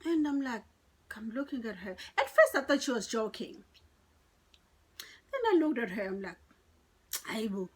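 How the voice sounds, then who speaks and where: A woman's voice: on the high side, lively intonation, normal speed, pauses often, a little mellow, husky. A middle-aged woman, telling a dramatic personal story to her viewers in a chatty way. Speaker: vlogger. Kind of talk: storytime vlog.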